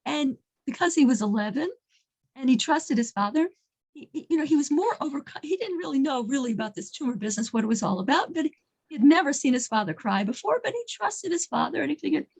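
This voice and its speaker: A woman telling a faith story in an informal talk, earnest and halting, often repeating words as she goes. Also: sits high, sing-song, vocal fry, darkish tone, low-quality recording. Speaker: religious storyteller.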